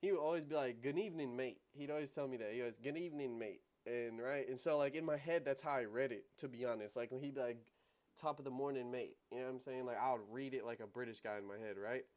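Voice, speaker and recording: A man's voice: medium pitch, quick pace, hardly any pauses, a little mellow. A young man hosting a livestream on trading, talking casually in slang and laughing often.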